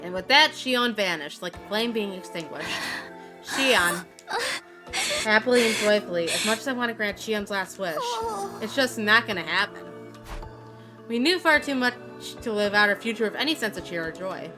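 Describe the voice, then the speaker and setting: A woman's voice: medium pitch, expressive, normal speed, natural voice. A woman reading the narration of a grim, weary young male student from a game. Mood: somber. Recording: music playing behind.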